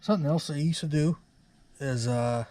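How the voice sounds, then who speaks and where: Give me a man in a slightly high voice, casually rambling through a DIY repair. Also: moderate pace, no room sound. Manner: rambling, relaxed, with many fillers. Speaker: DIY truck repair vlogger. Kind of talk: casual workshop narration.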